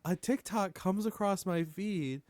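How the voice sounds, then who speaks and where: Higher, lively man in dry sound. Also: measured pace, dry recording. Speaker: podcast guest. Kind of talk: casual chat.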